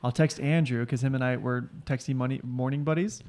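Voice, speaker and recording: Young man, podcast guest, average pitch, joking, loose rambling storytelling. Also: steady tone, brisk, darkish tone. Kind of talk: casual podcast chat.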